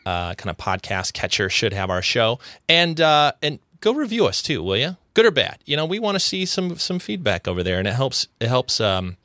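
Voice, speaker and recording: A man's voice: medium pitch, big pitch swings, moderate pace, few pauses, sharp tone, dry recording, clean studio sound. A man hosting a podcast in casual chat, rambling and often restarting his sentences. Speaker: podcast host.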